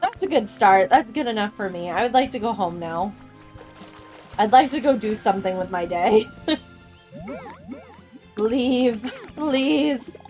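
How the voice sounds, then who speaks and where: A woman in her thirties chatting casually with her chat while streaming a game, bubbly and quick to laugh. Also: a little high, animated, darkish tone, faint music behind. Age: 30s. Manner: giggly and bubbly, laughs often.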